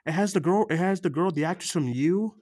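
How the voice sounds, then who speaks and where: A man co-hosting a film podcast in casual chat, animated and swearing, acting out movie lines between bursts of laughter. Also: high voice, a little fast, very noisy. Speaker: podcast co-host.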